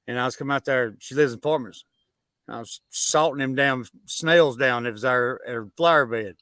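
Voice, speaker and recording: A man's voice: medium pitch, moderate pace, fairly bright tone, dry recording. A man from North Carolina telling folksy, profane stories in a casual podcast chat. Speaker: podcast participant.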